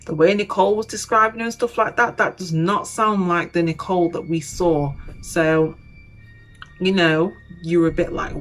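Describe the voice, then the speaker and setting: A woman's voice: on the low side, fairly even intonation, unhurried, fairly bright tone, soft background music, low-quality recording. A young woman casually retelling a documentary on her channel, chatty and full of you-knows, acting out the quotes. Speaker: YouTuber.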